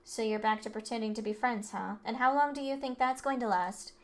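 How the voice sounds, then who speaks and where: A woman's voice: on the high side, fairly even intonation, fairly quick, natural voice. Brief: haughty cold rich-kid heir, read by a woman, condescending. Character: arrogant rich teen boy heir, cold. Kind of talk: reading game dialogue aloud.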